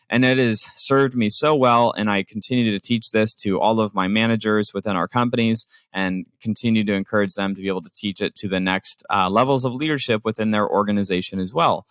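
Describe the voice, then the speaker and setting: A man's voice: on the low side, a bit bright, dry recording. A man, a business owner, explaining delegation in a conversational, emphatic way with many fillers. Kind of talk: casual instructional talk.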